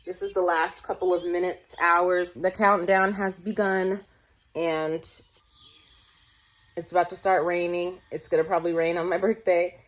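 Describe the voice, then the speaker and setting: Emotional late-twenties woman, lower voice. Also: level tone, unhurried. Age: late 20s. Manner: rambling, emotional, often laughing, near tears. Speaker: vlogger. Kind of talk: personal reflective vlog.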